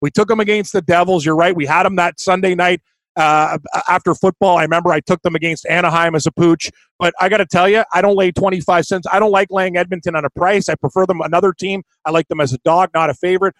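High-voiced Canadian betting co-host. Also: male voice, fairly even intonation, quick pace, fairly bright tone, no echo. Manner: confident, emphatic picks talk. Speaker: sports betting podcast co-host. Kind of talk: casual sports betting chat.

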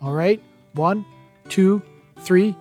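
A man reading the lines of a brisk, businesslike woman chief of staff in an audiobook. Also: medium pitch, dark tone, faint music behind.

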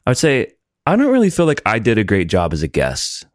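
Podcast co-host, man, fast-talking, lively, giving friendly advice. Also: on the low side, no room sound, studio quality. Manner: animated, coaching, laughs often. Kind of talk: casual chat.

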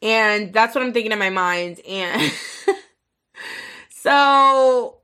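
Bright-voiced young woman, profane and chatty. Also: on the high side, very slow, smooth. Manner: frank, profane, full of "like" fillers. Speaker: podcast host. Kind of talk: casual storytelling monologue.

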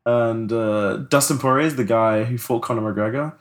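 A man talks in a loose, rambling way on a casual podcast. His voice sits at an ordinary middle pitch, and he leans on "like" again and again as he goes. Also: normal speed. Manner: loose, rambling, heavy use of "like". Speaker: podcast co-host. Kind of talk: casual chat.

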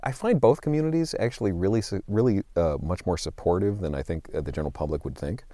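This interview guest, a man in his sixties, tells career stories in a rambling, self-deprecating way, stumbling through fillers and restarts. He has a low, expressive, mellow voice and speaks quickly, recorded with no room sound.

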